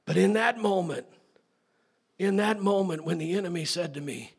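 Middle-aged male pastor, husky and a touch high, emphatic sermon delivery. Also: normal speed. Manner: emphatic preaching, swinging from soft to loud.

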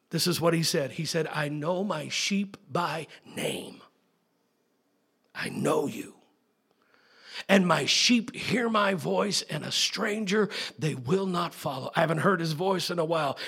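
Middle-aged male pastor, husky and a touch high, emphatic sermon delivery. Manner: emphatic preaching, swinging from soft to loud.

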